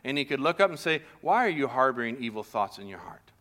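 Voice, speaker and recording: A man preaching a sermon as pastor, telling a personal story and shifting into quiet, intimate tones. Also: mid-range voice, sing-song, quick pace.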